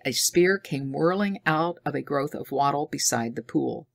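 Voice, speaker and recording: A woman narrating an adventure audiobook in a measured, deliberate reading. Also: low voice, animated, gravelly, no echo.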